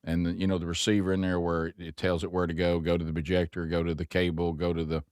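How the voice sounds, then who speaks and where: A man's voice: sits low, little pitch movement, fast, a little mellow, clean tone, no echo, studio quality. A man hosting a show, telling a long, rambling, self-mocking story with many restarts. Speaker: host. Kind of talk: casual chat, storytelling.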